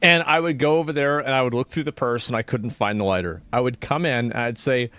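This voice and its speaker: A man's voice: medium pitch, quick pace, bright, forceful tone, no echo. A man streaming a casual reaction commentary, rambling and swearing with many fillers as he argues and explains his point of view.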